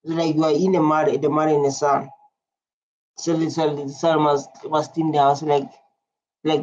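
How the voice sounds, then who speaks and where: A man's voice: fairly high pitch, normal speed, darkish tone. A man hosting a reaction video, chatting casually in loose informal English and laughing often. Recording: dull lo-fi recording.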